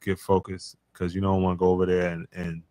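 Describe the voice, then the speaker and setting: Low-voiced laid-back man, dry close sound. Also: monotone, a little fast, warm tone, no room sound. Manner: laid-back, rambling, many fillers and restarts. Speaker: guest, professional basketball player. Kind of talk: casual podcast conversation.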